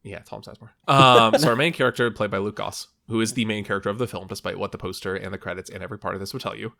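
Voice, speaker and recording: A man's voice: lowish voice, steady tone, rapid-fire, vocal fry, sharp tone. A young man co-hosting a podcast, casually recapping a film plot in a rambling way, with lots of fillers and quoted lines. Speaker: podcast co-host. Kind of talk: casual movie recap chat.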